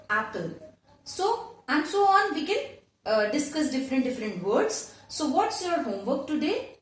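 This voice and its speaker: A woman teaching a grammar lesson to children, repeating each word slowly several times. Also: high-pitched. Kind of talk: slow classroom lesson for children. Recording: very echoey room, voice from far off.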